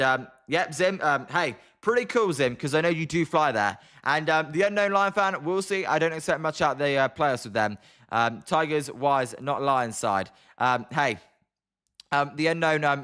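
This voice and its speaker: A young man with a British accent, hosting a live stream where he comments on a game and answers chat in a quick, chatty way. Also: on the high side, pushed and bright. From Britain. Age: young adult. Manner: fast-talking, chatty. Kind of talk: live watch-along commentary and chat replies.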